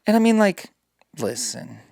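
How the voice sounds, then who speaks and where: A man's voice: high-pitched, a little slow, gravelly, dry recording. A man spins a casual podcast story, cursing freely and acting out every line of dialogue. His voice is close and dry, with no room around it. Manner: animated, swearing, acts out quotes. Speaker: podcast host.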